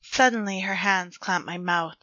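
Woman storyteller, bright voice, dull dry recording, measured delivery. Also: mid-range voice, dry recording. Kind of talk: reading her own dark fiction aloud.

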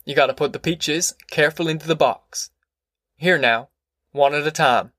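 Male reader as a gruff, weary father. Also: fairly high pitch, moderate pace, fairly bright tone, no room sound, clean studio sound. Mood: stern. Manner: gruff, plain-spoken. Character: weary farm father, stern.

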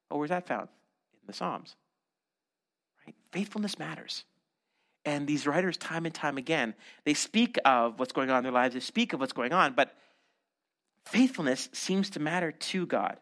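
Lively, bright-voiced male pastor preaching. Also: normal speed, long pauses. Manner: conversational preaching with frequent "right?" and repeated words; acts out quoted voices with big swings in pitch and loudness. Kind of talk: sermon.

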